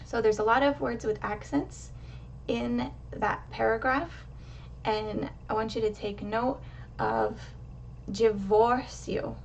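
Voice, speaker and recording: A woman teaching pronunciation, explaining step by step and modelling each word slowly and with emphasis. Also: fairly high pitch, expressive, vocal fry, recorded from a distance, a little hiss or hum. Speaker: language teacher. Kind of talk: slow, careful pronunciation lesson.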